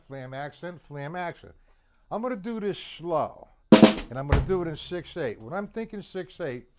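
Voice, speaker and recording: A man teaching a casual drum lesson, chatting with viewers and counting beats aloud. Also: a little high. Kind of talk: live-streamed drum lesson.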